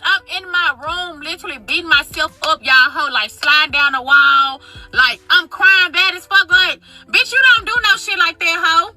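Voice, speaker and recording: A woman in her twenties telling a casual storytime, profane, dramatic and animated. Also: very high-pitched, normal speed, low-quality recording. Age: 20s.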